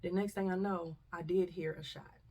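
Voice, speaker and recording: A woman's voice: lowish voice, fairly even intonation, normal speed, dark tone, distant mic. A woman vlogger, telling a story casually and animatedly, acting out voices and dropping to whispers.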